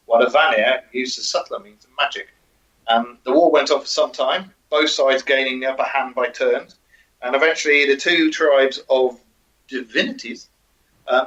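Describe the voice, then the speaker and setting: A man's voice: medium pitch, fairly bright tone. A man co-hosting a casual podcast, reading out notes with many ums and joking asides. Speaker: co-host. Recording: muffled lo-fi audio.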